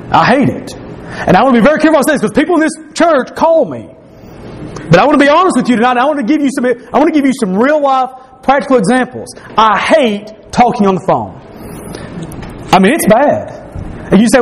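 Earnest high-voiced male preacher. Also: sing-song, quick pace, slight background noise. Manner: earnest, confessional, repeats phrases for emphasis. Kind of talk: sermon. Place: church.

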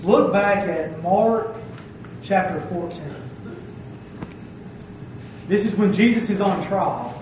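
This preacher has a high-pitched, darkish voice and takes his time, pausing often as he stresses his phrases and asks "okay?" to check he's followed. Slight background noise sits under a distant, very echoey recording.

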